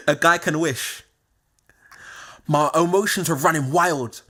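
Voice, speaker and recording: A man, telling a scripted personal story, moving from quiet confiding tones to excited exclamations. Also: on the high side, takes it slowly, pauses often, husky.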